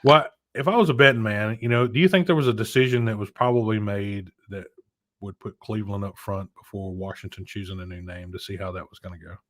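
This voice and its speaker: A man co-hosting a casual chat show, rambling and animated, who rants with many restarts. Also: fairly low pitch, fast, dry recording, studio quality. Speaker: podcast co-host.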